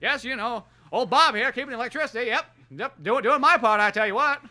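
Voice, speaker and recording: Dude doing a folksy old country guy keeping the power on, high bright voice, drawly. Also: fast talker, heavily acted. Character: folksy old man running the power plant.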